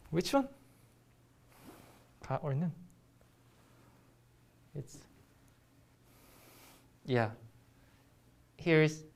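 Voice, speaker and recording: In a recorded grammar lesson, a young adult Korean language teacher speaks English in a hesitant, halting way with many pauses. At an everyday middle pitch, the teacher keeps quizzing the viewer.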